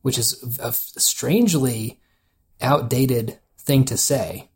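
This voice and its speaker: A man's voice: medium pitch, takes it slowly, slightly rough. A man co-hosting a podcast, casually telling a story, laughing often and quoting people in a loose voice. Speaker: podcast co-host.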